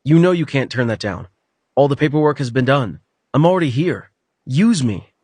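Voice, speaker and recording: A man's voice: mid-range voice, expressive, moderate pace, darkish tone, slight background noise, pitched above the performer's own voice, close to an everyday voice. A male narrator voicing an earnest, determined young man who speaks in an eager, persuasive way, in an audiobook. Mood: pleading. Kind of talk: audiobook character voice.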